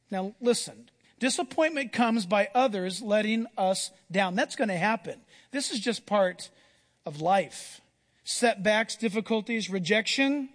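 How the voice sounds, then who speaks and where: A man preaching a sermon, telling Bible stories with animated delivery and acting out the characters' voices. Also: high-pitched. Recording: long hall reverb.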